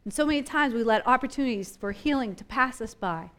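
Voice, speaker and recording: A woman delivers a sermon in a high, bright voice. She is impassioned and repetitive, building in intensity and then easing back. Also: lively intonation, quick pace. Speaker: preacher.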